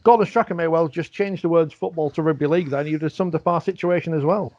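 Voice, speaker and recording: A man's voice: on the high side, quick pace, a little mellow, no room sound. A man hosting a rugby league podcast in casual chat, wry and reading quotes aloud. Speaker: podcast host. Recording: dry, dull lo-fi sound.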